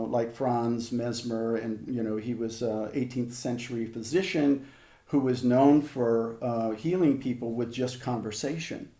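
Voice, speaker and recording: Older man, mellow voice, roomy echo. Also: medium pitch. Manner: measured, conversational, with frequent restarts and asides. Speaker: hypnotherapist guest. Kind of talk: reflective storytelling in an interview.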